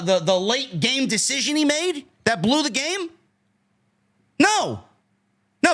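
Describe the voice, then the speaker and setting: A man with a New York accent hosting a podcast, ranting angrily and profanely, his voice climbing toward shouts. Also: very high voice. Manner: angry, profane, rising to shouts. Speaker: podcast host. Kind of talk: heated podcast rant.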